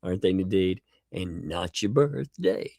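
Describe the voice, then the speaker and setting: A man hosting a casual livestream in a gravelly, low voice. He talks in a lively, swooping way, playing up mock drama and laughing as he reads and thanks his chat. The sound is close and dry. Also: measured pace, no room sound. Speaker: livestream host.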